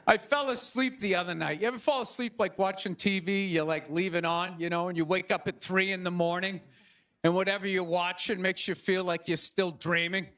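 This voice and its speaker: A male stand-up comedian ranting with exasperated bursts of shouting, on stage before a live audience. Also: high-pitched, fairly even intonation, fairly quick. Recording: audience laughter and noise.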